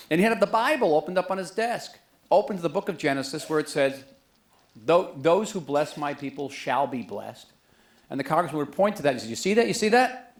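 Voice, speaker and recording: A middle-aged man giving a book talk to an audience in a museum auditorium, conversational and joking. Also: on the high side. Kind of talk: public lecture to an audience.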